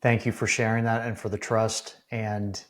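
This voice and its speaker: A man's voice: lowish voice, level tone, moderate pace, fairly bright tone. A middle-aged man hosting a podcast, asking searching, rambling questions full of ums and restarts. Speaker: podcast host. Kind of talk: casual interview conversation.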